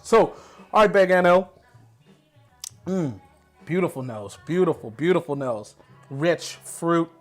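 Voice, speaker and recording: A man hosting a casual food and whisky pairing talk in an upbeat, chatty way, often saying "you know" and repeating himself. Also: fairly high pitch. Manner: rambling with repeats. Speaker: host. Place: home kitchen.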